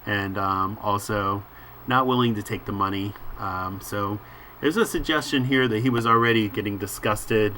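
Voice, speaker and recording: A man reading a comic book aloud and musing over the panels in an unhurried way, with frequent filler words. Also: fairly low pitch, bright, forceful tone, a little hiss or hum. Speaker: comic book reader and commentator.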